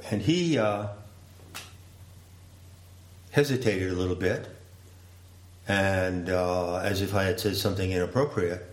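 A man giving a slow, deliberate, reflective storytelling talk. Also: low-pitched. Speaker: speaker. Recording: roomy echo.

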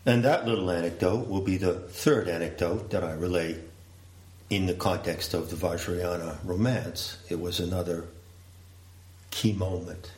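A man giving a slow, deliberate, reflective storytelling talk. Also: sits low, steady tone, darkish tone. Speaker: speaker. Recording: roomy echo.

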